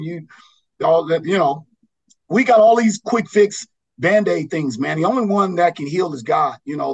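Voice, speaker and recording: Brief: man from Los Angeles, basketball coach, higher-pitched voice, earnest and rambling as a podcast guest. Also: poor audio. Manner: earnest, rambling, with many restarts.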